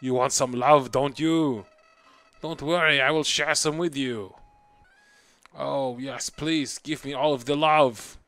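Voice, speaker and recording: A man's voice: mid-range voice, steady tone, takes it slowly, fairly bright tone, no echo, faint music behind. A man voicing a flower creature who sounds sweet and coaxing but turns sneering and menacing. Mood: sugary, coaxing. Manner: syrupy friendliness turning to sneering threats. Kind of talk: game voice-over while streaming.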